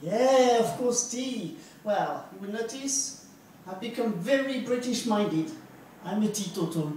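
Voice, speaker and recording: A woman with a French accent doing a deadpan stand-up routine at a bar open mic, asking the audience questions between punchlines. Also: medium pitch, unhurried, a little hiss or hum. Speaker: stand-up comedian. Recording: echoey bar from far off.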